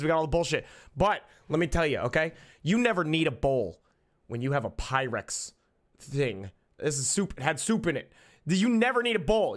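A young man streaming live, chatting casually and loudly with lots of swearing, jumping between shouts and mutters. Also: fairly high pitch. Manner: loud, profane, jokey, swings between shouts and mutters. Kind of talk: casual livestream chat.

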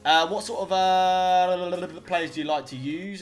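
A young man giving excitable live commentary over his own gameplay, swearing and shouting at the game. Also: high-pitched, a little slow, hardly any pauses. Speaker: gaming YouTuber.

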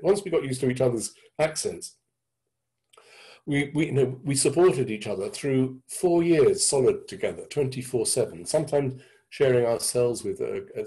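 An English man in his sixties telling his story thoughtfully over a video call, halting with many restarts. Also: mid-range voice, dark tone, poor audio. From England. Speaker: guest speaker. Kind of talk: reflective storytelling talk. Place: indoor room with a door behind.

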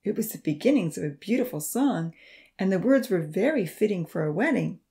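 A woman reading a storybook aloud in a gentle, measured way, narrating as audiobook reader. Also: mid-range voice, lively intonation, vocal fry.

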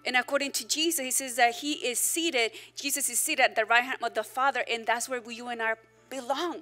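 A woman pastor gives a lively, conversational sermon and slips in joking asides. Her voice sits a little high and sounds bright and forceful. Faint music plays softly behind her. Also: fairly quick.

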